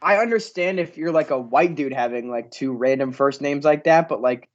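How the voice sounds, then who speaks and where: A man's voice: mid-range voice, moderate pace, muffled recording. A man co-hosting a casual baseball watch-party stream, rambling and filling his talk with "like". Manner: rambling, heavy use of "like". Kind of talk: casual chat.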